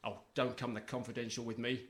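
A British actor in a sitcom plays a pompous, bullying rich man sneering at his brother over a property deal, his tone scornful and contemptuous. His mid-range voice is a bit bright and natural, with a flat delivery and a fast pace.

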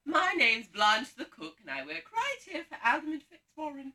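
An actor playing a vain, bossy pantomime dame cook on stage, loudly getting the audience to shout back. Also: male voice, extremely high pitch, sing-song, normal speed, gravelly, full character voice. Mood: rousing. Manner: loud, camp, bossy, rouses the audience. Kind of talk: live pantomime stage acting. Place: theatre stage. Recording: distant stage sound from the hall.

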